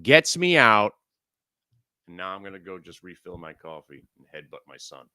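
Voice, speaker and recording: A man's voice: low-pitched, sing-song, normal speed, bright, forceful tone, smooth. A middle-aged man hosting a live stock trading room, ranting frantically with lots of swearing. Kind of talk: live market commentary.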